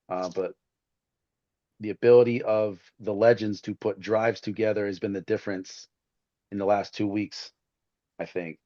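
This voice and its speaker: An upbeat man hosts a casual football talk show and weighs up the week's matchups. His voice sits on the low side. The sound is dry and a little dull, as if from a close, modest mic. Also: darkish tone, no room sound. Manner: upbeat, joking, laughs often. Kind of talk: casual sports chat and game predictions.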